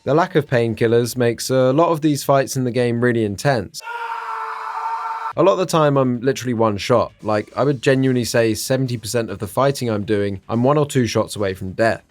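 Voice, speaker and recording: An English man talks through a game retrospective, chatty and sardonic, with a casual swear here and there. His voice sits at an everyday middle pitch, and the close mic sounds dry and intimate. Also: dry recording. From England. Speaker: gaming YouTuber.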